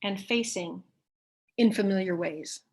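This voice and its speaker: A woman presenting a workshop, calmly leading listeners step by step through a body-awareness exercise with pauses. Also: medium pitch. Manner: calm, step-by-step instructions with pauses.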